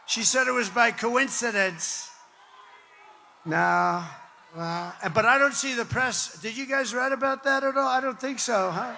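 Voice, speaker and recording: This older political speaker from the New York area has a high, creaky voice that sounds pushed and bright, and he speaks at a moderate pace. Addressing a campaign rally in a large hall, he rambles conversationally and repeats himself for emphasis, with the hall's long reverb around him.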